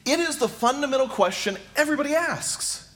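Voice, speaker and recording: Middle-aged male pastor with a high, animated delivery; preaches by stacking rhetorical questions. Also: fairly quick. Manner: repeats questions rhetorically, addresses listeners directly. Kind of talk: sermon.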